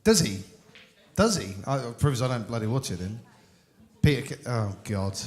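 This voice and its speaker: A man hosting a live stage show, needling his guest and pushing ahead with audience questions. His voice has an everyday middle pitch for a man, with a teasing edge. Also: normal speed, darkish tone. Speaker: host.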